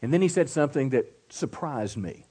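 A middle-aged male pastor in mid-sermon with a middle-pitched voice, pressing his points with emphatic call-outs. He drops to a hushed, slow delivery for his stories before building back up. The sermon is delivered at a church service. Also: lively intonation, husky.

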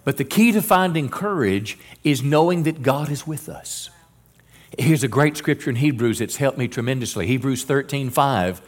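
A middle-aged man preaching a sermon with an average-pitched voice. He speaks earnestly, quotes scripture and repeats words as he restarts his sentences. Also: animated, moderate pace. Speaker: pastor.

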